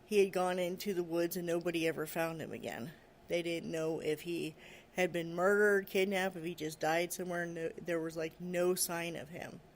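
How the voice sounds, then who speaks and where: A podcast host telling a story in a loose, conversational way. The voice sits at an ordinary middle pitch, and the telling is packed with "you know" and "like," with small laughs slipping in between. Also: moderate pace, slight background noise. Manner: laughs now and then while telling. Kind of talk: casual storytelling.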